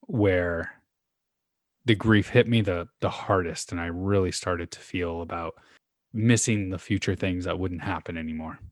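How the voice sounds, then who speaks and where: A man's voice: low voice, steady tone, a little slow, no room sound, clean studio sound. A man co-hosting a podcast, telling candid personal stories in casual conversation. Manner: candid, storytelling. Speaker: podcast co-host.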